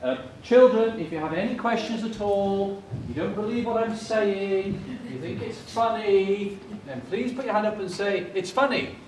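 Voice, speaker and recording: A middle-aged chemistry professor with a high, slightly mellow voice speaks unhurriedly yet with hardly any pauses, teasing the children in his public science lecture audience. The lecture theatre recording comes from a distant fixed camera, echoey with slight background noise.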